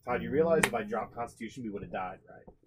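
A young man chatting casually at a game table in a mid-range voice. He sounds excited and casual, with some swearing. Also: medium pitch, fast, a crowd in the background. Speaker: player.

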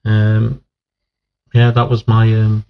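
Low-voiced man telling stories and laughing. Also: completely flat delivery, slow, muffled recording. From England, raised in Northern Ireland. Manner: rambling storyteller, swears and laughs often. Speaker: podcast guest, army veteran. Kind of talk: casual chat.

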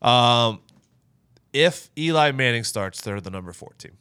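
An opinionated man co-hosting a casual sports podcast, speaking at a medium pitch. He swears freely and lets his points trail off quietly. The sound is dry and close-miked. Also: lively intonation, a little slow, smooth, no echo. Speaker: podcast co-host.

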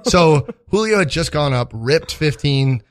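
A man's voice: on the high side, expressive, unhurried, a little hiss or hum. A young man, a stand-up comic, telling a rambling, profanity-laden story in casual podcast chat, full of fillers and restarts. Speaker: stand-up comedian and podcast host.

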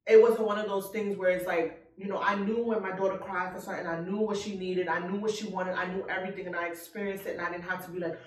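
A woman's voice: medium pitch, steady tone, fast, hardly any pauses. A young woman telling a personal story in casual chat, blunt and profane, acting out the people she quotes. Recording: echoey room, mic at a distance.

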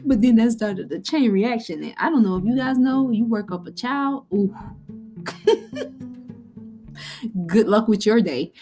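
A woman hosting a podcast, talking casually to her listeners, animated and laughing often between exclamations. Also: fairly high pitch, measured pace, long pauses, faint music behind. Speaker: podcast host.

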